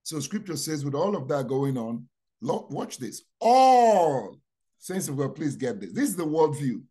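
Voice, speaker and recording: A man preaching a sermon, repeating key phrases and asking rhetorical questions, dropping to quiet asides then rising to loud proclamations. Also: expressive, moderate pace, slightly rough. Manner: dramatic, swings from low asides to loud proclamations.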